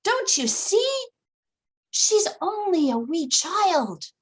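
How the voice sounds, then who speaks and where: A woman's voice: very high voice, big pitch swings, very slow, pitched above the performer's own voice, full character voice. A woman voicing a little fairy-folk man in a told fairy tale, calling out urgently and pleading.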